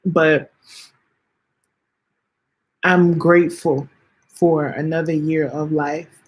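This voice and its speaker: A woman in her late twenties hosts a podcast and talks slowly and earnestly, on the edge of tears. Her voice is husky and a little breathy, and she stops, restarts and repeats herself as she speaks straight to her listeners. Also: low voice, flat delivery. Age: late 20s. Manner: halting, earnest, repeats phrases, addresses listeners as y'all. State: close to tears. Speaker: podcast host. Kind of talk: heartfelt personal reflection.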